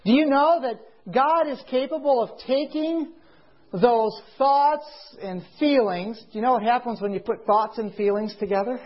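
A male preacher delivers a sermon at an unhurried pace, stretching his key words for emphasis. His voice sits high and sounds slightly husky. He keeps turning to his listeners with rhetorical questions, heard through a muffled, lo-fi recording. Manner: asks the audience rhetorical questions. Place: meeting hall with a congregation. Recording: dull lo-fi recording.

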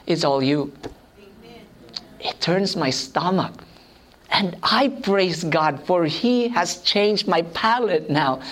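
A woman delivers a sermon through personal anecdotes. She is animated and pokes fun at herself, breaking into laughter often before turning back to her message. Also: medium pitch. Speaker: preacher.

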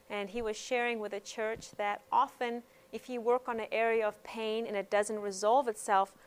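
A woman teaching hands-on pain management in a gentle, conversational way, telling stories from her practice. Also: on the high side. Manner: gentle, conversational, frequent um fillers. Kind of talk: instructional talk with personal stories.

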